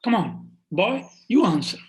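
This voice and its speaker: A man's voice: high voice, big pitch swings, a little fast, vocal fry, pitched above the performer's own voice, full character voice. A man voicing a boastful but frightened male royal priest who pleads and blusters. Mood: blustering.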